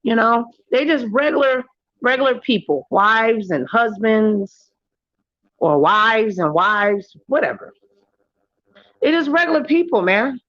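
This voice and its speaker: Slow-paced and lively, a woman running her own livestream narrates stories in casual conversation, switching into high voices to quote others. The recording is dry and the audio sounds dull.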